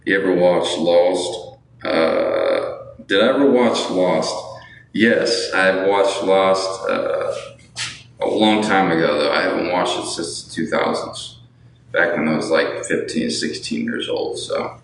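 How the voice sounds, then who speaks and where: A raspy-voiced man in his thirties chatting casually on a livestream, reading viewer comments aloud and answering with boastful jokes. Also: low-pitched, slow. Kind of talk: casual live chat. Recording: echoey room, mic at a distance, faint noise.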